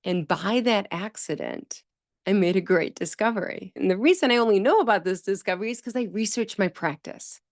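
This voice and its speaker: Speaking solo on her speech therapy podcast, this woman keeps a brisk, medium-pitched delivery into a nearby microphone, with no room sound at all. Her style is lively, full of repeated words and acted-out impressions of whoever she's quoting.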